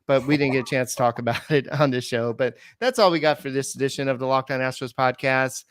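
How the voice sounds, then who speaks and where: Smooth-voiced male sports podcast host. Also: mid-range voice, no echo, clean studio sound. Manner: relaxed, halting with fillers. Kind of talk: casual sports podcast chat.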